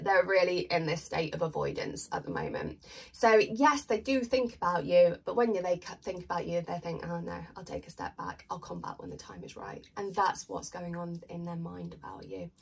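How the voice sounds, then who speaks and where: A woman with a Stoke-on-Trent English accent giving a chatty, reassuring tarot reading to viewers, sometimes dropping into soft asides. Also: mid-range voice, breathy edge, recorded from a distance. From England. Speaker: tarot reader.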